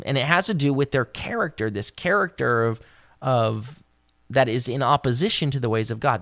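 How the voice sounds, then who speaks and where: Bible teacher, devotional teaching, expressive, acts out quotes, dry close mic. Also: gravelly, no echo. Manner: expressive, voices scripture quotes with raised pitch; explains Hebrew words along the way.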